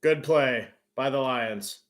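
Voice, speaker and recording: A man hosting a live stream, giving a fan's play-by-play reaction that bursts into loud cheers on big plays. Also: mid-range voice, slow.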